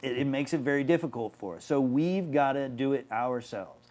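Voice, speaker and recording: A man with a mid-pitched, ordinary voice speaks as a city official in a town hall discussion. He explains at length and earnestly, often restarting his sentences. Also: moderate pace, a little mellow. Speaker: city mayor.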